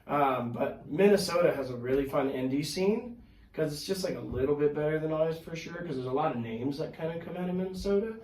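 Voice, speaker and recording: A man guesting on a podcast, telling his stories in casual chat, animated and full of fillers, swearing freely. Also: a little high, a little fast. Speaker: podcast guest, pro wrestler. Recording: echoey room, mic at a distance.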